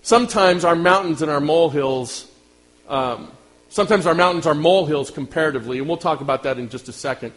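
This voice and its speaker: A man preaching a sermon as pastor, talking directly to his congregation and swinging from loud outbursts to hushed lines. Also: a little high, fairly quick, poor audio.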